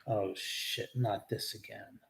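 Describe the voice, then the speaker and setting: A man's voice: on the low side, fairly even intonation, takes it slowly, gravelly, background noise. A man hosting a casual livestream from his house, rambling and swearing freely as he talks to his dog and answers viewers. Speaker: livestream host. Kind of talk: casual live-stream chat.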